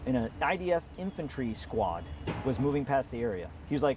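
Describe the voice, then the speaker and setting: A man's voice: mid-range voice, expressive, quick pace, darkish tone, a little hiss or hum. A man being interviewed who recounts events and quotes other people's words along the way. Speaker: interviewee recounting his experience. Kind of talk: interview storytelling.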